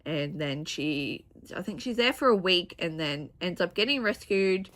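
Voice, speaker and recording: Young woman, twenties, crisp bright tone, rambling casual book chat to camera. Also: fairly low pitch, expressive, measured pace. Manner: chatty and rambling, with frequent restarts and laughs. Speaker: booktuber.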